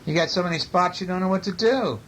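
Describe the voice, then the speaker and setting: A father reading a bedtime picture book aloud to his child, gentle, stopping to ask questions as he goes. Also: high-pitched, fast talker, slight background noise, low-quality recording.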